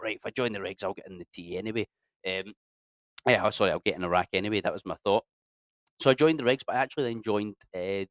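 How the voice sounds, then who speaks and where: A man in his thirties with a Scottish accent, an interview guest telling his army story in casual, animated talk and acting out the people he quotes. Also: lowish voice, no echo, studio quality. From Scotland. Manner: animated, acts out quoted dialogue, swears freely.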